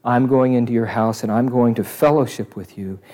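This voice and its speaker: A man voicing a calm, gentle grown man who speaks in a hushed, low way. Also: normal speed, close to an everyday voice.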